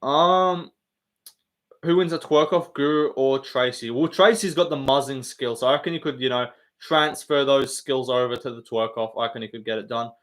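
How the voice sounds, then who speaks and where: A man's voice: medium pitch, moderate pace, a bit bright. A man hosting a casual live stream, bantering with the chat, swearing often and laughing.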